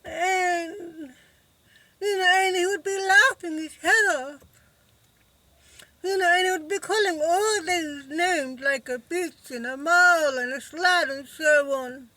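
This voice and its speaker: Woman, vlog monologue, emotional, halting, slow, dry close sound. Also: extremely high pitch, pushed and bright, no room sound. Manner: halting and emotional, many fillers. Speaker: vlogger. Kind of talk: personal recovery vlog monologue.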